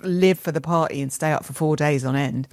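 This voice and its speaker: A middle-aged woman chats on a podcast in a low, easygoing voice. She rambles through stories with quick asides. The recording is close and dry. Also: darkish tone, dry recording. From England. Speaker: podcast co-host. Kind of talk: casual chat.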